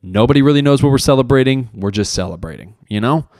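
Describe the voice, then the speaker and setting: A man's voice: medium pitch, expressive, fast, a little mellow, no room sound, clean studio sound. A young man hosting a solo podcast, talking in a rambling, profane, self-mocking way. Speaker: podcast host. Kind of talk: casual solo podcast monologue.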